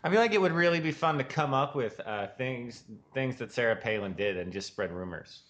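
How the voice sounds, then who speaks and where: A man's voice: medium pitch, expressive, brisk, a bit bright. A man co-hosting a casual comedy podcast, joking and rambling as he riffs on words. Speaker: podcast co-host.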